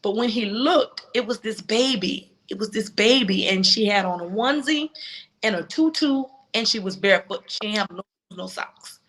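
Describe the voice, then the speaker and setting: A woman's voice: medium pitch, moderate pace, fairly bright tone. A woman guest telling a personal story on a talk show, emotional and acting out what others said. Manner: emotional, acts out quoted dialogue.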